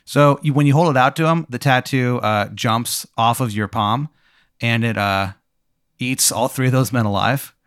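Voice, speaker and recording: A man narrating an improvised comic scene, rambling and deadpan with many fillers. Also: medium pitch, moderate pace, clean tone, no echo, clean studio sound.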